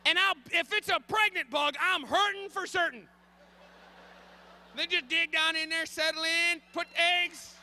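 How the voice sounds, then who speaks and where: A man in his thirties telling a comic story on stage, animated and frantic, bursting into shouts. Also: very high-pitched, a little slow. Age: 30s. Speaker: comedian.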